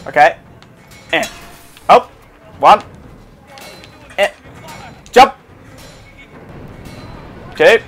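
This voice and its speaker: A young man giving casual let's play commentary, excitable and jokey, talking to himself and swearing now and then. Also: high-pitched, drawn-out words, pauses often, soft background music. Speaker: gameplay commentator.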